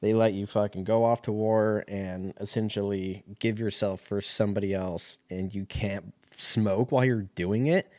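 A man's voice: lowish voice, fairly even intonation, normal speed, hardly any pauses, a little mellow, dry recording. A young man telling a rambling, profane story in a casual way, often laughing.

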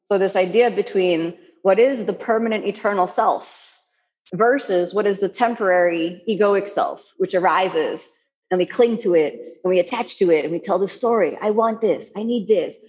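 A woman yoga teacher talks to her class in a long, ringing reverb. She is animated and repeats phrases for emphasis. Her pitch sits in the middle range. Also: normal speed. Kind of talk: spoken dharma talk to a class.

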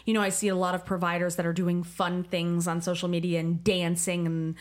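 A woman's voice: fairly low pitch, little pitch movement, fairly quick. A woman co-hosting a casual podcast, telling stories in a chatty way and swearing freely. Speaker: podcast co-host. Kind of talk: casual chat.

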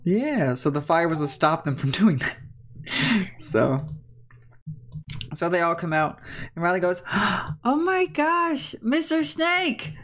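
A woman's voice: low voice, measured pace, long pauses, a little hiss or hum. A woman narrating a tabletop game as game master, rambling with lots of fillers. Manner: rambling, filler-heavy storytelling.

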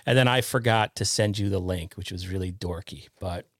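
A man's voice: low-pitched, normal speed, fairly bright tone, no room sound, clean studio sound. A man hosting a podcast, chatting casually with a joking, self-deprecating manner. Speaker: podcast host.

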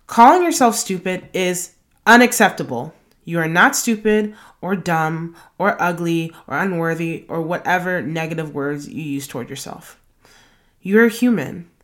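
Podcast host: young woman with a low voice who reads numbered self-help tips and slips into chatty asides. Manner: reads numbered tips, then drifts into loose casual asides. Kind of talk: reading a self-help blog post aloud.

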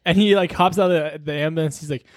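Young male co-host: high, dry, lively teller of wild stories. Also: fast, no echo. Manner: animated, acts out quoted voices, swears freely. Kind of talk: casual chat, storytelling.

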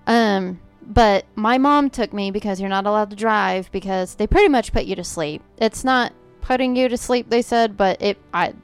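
A woman's voice: mid-range voice, normal speed, hardly any pauses, smooth, faint music behind. A woman co-hosting a podcast, telling a personal story in a chatty, casual way with lots of filler words. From Oklahoma. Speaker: podcast co-host. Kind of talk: casual chat.

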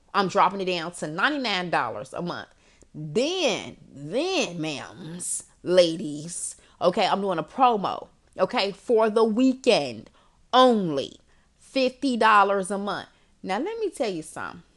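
A young woman hosting a podcast and coaching listeners in a casual, animated, slangy monologue with frequent laughter. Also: medium pitch. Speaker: podcast host and life coach.

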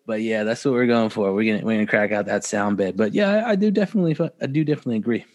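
A man's voice: lowish voice, expressive, rapid-fire, darkish tone. A loose, profane man from Texas hosts a casual podcast. He rattles through his talk with playful noises and laughs, never stiff. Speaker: podcast host.

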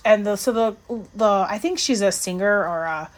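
A woman co-hosting a podcast, chatting casually about an episode in an animated, rambling way, with lots of fillers and restarts. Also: moderate pace. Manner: animated, jumps to high pitch when excited. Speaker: podcast co-host. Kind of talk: casual chat reviewing an episode.

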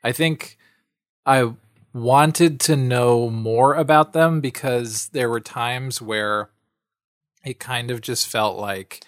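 Man, casual film talk, thoughtful and analytical, mid pitch, dry recording. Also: slow, no echo. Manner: thoughtful, analytical, hedging with fillers. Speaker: podcast co-host.

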